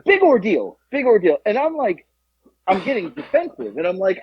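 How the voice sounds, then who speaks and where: A man co-hosting a podcast, telling a story in casual chat, animated and profane, acting out the voices of other people. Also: high voice, moderate pace, husky, highs cut off. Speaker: podcast co-host.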